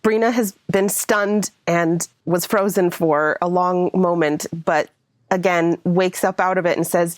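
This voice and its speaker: Woman player, hesitant and soft; dry recording. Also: on the low side, fairly even intonation, measured pace, dry recording. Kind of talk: comedic tabletop role-play.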